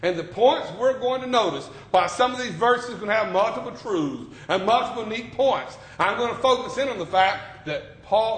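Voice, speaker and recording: A male preacher delivering a sermon in a church classroom, talking conversationally, then loud, then quiet. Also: high voice, expressive, normal speed, hardly any pauses, echoey room.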